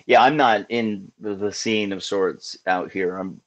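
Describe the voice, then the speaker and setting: A man's voice: on the low side, a little slow, a bit bright, muffled recording. A man hosting a casual live call-in show, talking in an earnest, musing way with many restarts.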